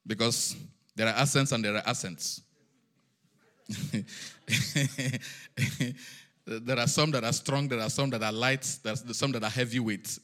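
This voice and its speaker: A man with a foreign accent preaching a sermon in a sing-song cadence, repeating phrases and rising to shouted peaks. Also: medium pitch, steady tone, a little slow, pauses often. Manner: foreign accent of his own.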